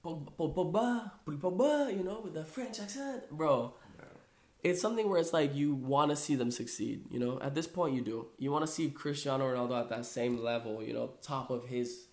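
A man's voice: mid-range voice, normal speed, slight background noise. A man hosting a casual sports chat podcast, rambling loosely with lots of fillers and "bro.". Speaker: podcast host. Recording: echoey room.

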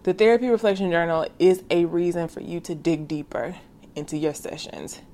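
A woman's voice: lowish voice, brisk, dark tone. Young woman talking to her podcast listeners about faith, heartfelt and slangy. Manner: earnest, heartfelt, calls listeners sis; casual slangy speech. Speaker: podcast host.

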